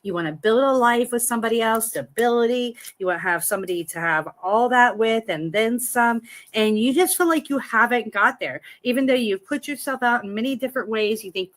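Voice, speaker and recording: A woman with a slightly high voice hosts a live tarot reading from her home. She talks to viewers in a chatty, encouraging way and reassures them as she goes. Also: expressive, brisk, fairly bright tone. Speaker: tarot reader.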